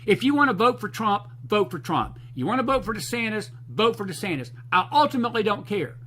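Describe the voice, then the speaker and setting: A man's voice: high voice, sing-song, a little fast, fairly bright tone, breathy edge, poor audio. A man hosting a talk show, delivering fired-up political commentary in a folksy, preachy, emphatic way.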